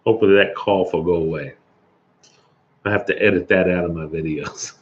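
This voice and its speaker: A man's voice: low voice, a little fast. A middle-aged man, hosting a casual livestream chat, chuckling and greeting viewers by name, with an occasional cough. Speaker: livestream host. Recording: dull lo-fi stream audio.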